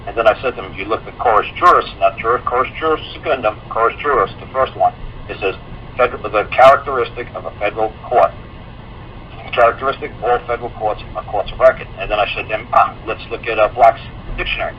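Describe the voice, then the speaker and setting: A man on a call-in show telling a long story in a rambling, animated way, with many fillers and restarts. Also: lowish voice, quick pace. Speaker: guest. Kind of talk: casual call-in chat. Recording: muffled online call audio with faint hiss.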